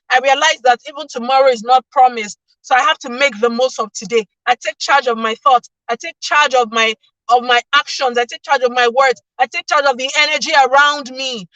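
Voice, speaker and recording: A woman delivers a faith-based motivational talk in a fairly high voice, pressing each point by repeating it. She sounds set back from the mic, in a dry room with little echo. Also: bright, forceful tone, recorded from a distance, highs cut off. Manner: emphatic, repeating lines for effect. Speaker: motivational speaker.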